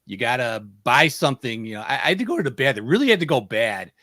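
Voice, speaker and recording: A man hosting a casual panel chat, telling stories in an animated way. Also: medium pitch, fast, dry recording. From United States. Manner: animated storyteller who acts out quotes. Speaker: host.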